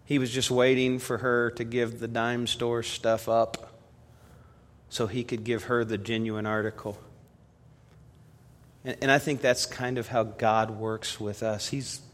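A man delivers a sermon from the pulpit, his mid-pitched voice carrying through a church hall with a long reverb tail. He tells stories in a storyteller's rhythm, pushing hard on key lines and then dropping to a near hush for his appeals. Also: flat delivery, unhurried. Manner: storytelling preacher, swings from loud emphasis to hushed appeal. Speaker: pastor. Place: church sanctuary.

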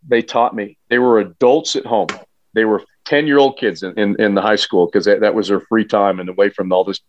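Man, football coach, low voice, earnest storytelling, many restarts, dry dull lo-fi sound. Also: no echo. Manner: earnest, emphatic, frequent restarts. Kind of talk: casual storytelling on a podcast.

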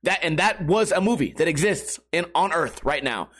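A man's voice: a little high, moderate pace, husky. A man ranting casually to his viewers, swearing often and rambling with restarts. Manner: profane, animated, rambling with restarts. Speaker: talker addressing viewers.

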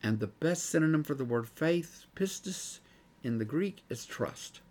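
A man's voice: on the high side, lively intonation, a little slow, a little mellow. A man teaching a Bible study class in an earnest way who gets worked up and says he is losing his voice.

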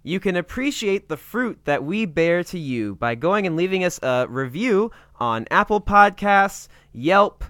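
Male podcast co-host, jokey, bouncy and bright, dry close mic. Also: high voice, clear, resonant tone, no room sound. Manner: jokey, playful. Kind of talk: casual podcast banter.

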